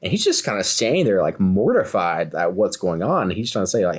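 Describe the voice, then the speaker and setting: Lively young man telling a story. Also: deep voice, fast talker, hardly any pauses, breathy edge. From Kentucky, USA. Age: 20s. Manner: animated, acts out quoted voices. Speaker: podcast co-host. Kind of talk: casual storytelling.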